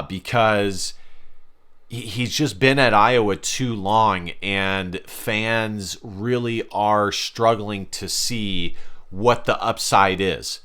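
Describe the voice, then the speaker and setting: A man's voice: lowish voice, pushed and bright. A man giving casual reaction commentary on a basketball game as a sports vlogger, emphatic and repeating phrases for stress.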